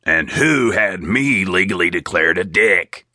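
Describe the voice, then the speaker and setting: A man voicing a nervous, sarcastic young man in an audiobook, pitched above his narrating voice. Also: animated, measured pace, bright, forceful tone, no room sound, studio quality, exaggerated voice.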